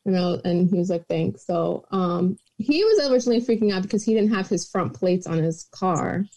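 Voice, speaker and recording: A woman's voice: fairly low pitch, animated, normal speed, mellow. A young woman in casual podcast chat, telling a story in a loose, rambling way full of "like" and "um".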